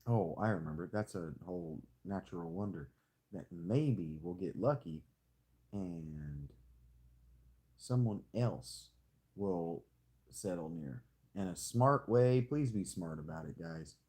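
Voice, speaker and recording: A man streaming a strategy game, talking to himself in rambling, jokey commentary with sudden squeaky jumps and a hammed-up hick drawl. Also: lively intonation, takes it slowly, warm tone. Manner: playfully hamming a hick drawl. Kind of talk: casual live-stream commentary.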